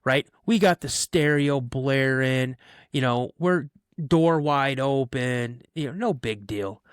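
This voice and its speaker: Podcast guest, male: a chatty, animated storyteller who slips into character voices, recorded dry and close. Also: mid-range voice, slow pace, clear, resonant tone, no echo. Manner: animated, acts out voices in his stories; chatty, many "you know" fillers. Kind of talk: casual storytelling.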